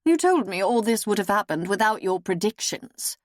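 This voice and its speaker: A woman reading an audiobook, voicing a scheming, half-mad noblewoman with sharp, heated outbursts. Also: mid-range voice, expressive, moderate pace, dry recording, clean studio sound, lightly acted. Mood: raging.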